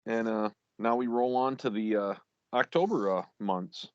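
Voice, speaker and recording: A man's voice: lowish voice, unhurried, clear, resonant tone, no room sound, dull audio. A man co-hosting a casual podcast, reading out league champions while stumbling over names and laughing at himself.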